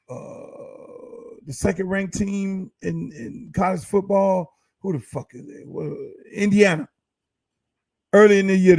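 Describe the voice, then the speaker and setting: A man's voice: sits high, warm tone, no room sound. A man hosting his own podcast, ranting in a casual, profane, heated way and firing off rhetorical questions. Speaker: podcast host.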